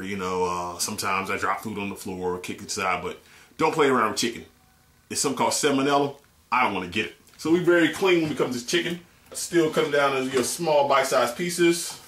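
A man hosting a comedic home cooking video in his kitchen, rambling and joking with a deadpan, mock-tearful manner. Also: medium pitch. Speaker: home cooking show host. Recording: echoey room, faint noise.

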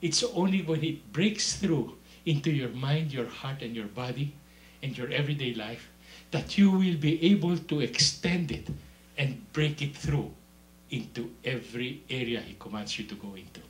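This male preacher speaks at a normal speed with barely any pauses, his animated sermon echoing around the room. He shifts from soft, deep asides to loud, shrill outbursts and chuckles while recounting stories.

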